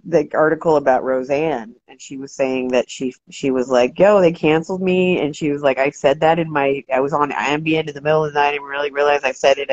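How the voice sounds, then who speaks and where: A woman hosting a casual livestream, talking fast and loose, swearing freely and ranting, shouting out viewers. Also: low voice, no echo. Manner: profane, animated, ranting. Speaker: livestream host. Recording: dry, dull lo-fi sound.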